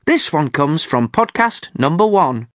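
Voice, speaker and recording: A man's voice: fairly high pitch, big pitch swings, unhurried, dry recording, clean studio sound. Upbeat male podcast host. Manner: clear, upbeat presenting. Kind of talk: friendly learner podcast presenting.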